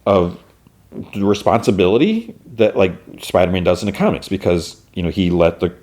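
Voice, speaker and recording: Deep-voiced man rambling through a recap. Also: lively intonation, normal speed, darkish tone. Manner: rambling, full of fillers and restarts. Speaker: podcast host. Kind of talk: casual episode recap.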